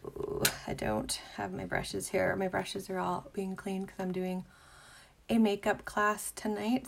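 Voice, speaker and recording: A young adult woman hosting a casual makeup tutorial, bubbly and chatty, sometimes dropping into a soft whisper. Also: medium pitch, little pitch movement, unhurried, vocal fry, slight background noise.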